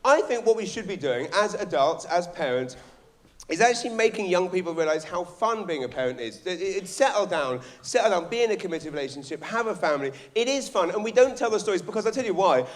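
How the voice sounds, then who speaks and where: A man's voice: high-pitched, quick pace. Brash English man doing stand-up. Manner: brash, swearing, animated storytelling. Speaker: stand-up comedian. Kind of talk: live stand-up comedy. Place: theatre stage before a live audience.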